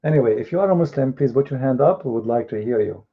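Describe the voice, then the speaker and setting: A man's voice: mid-range voice, lively intonation, fast. A man hosting an online debate room, talking in a mocking, scornful way. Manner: sarcastic and scornful, acting out others in quotes. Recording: tinny phone-like audio.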